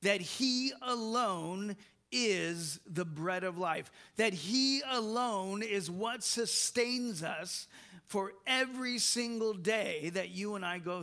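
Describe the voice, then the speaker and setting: Slow, bright-voiced man preaching. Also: high-pitched, lively intonation. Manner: slow and emphatic, with soft laughs and repeated words. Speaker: pastor. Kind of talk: sermon.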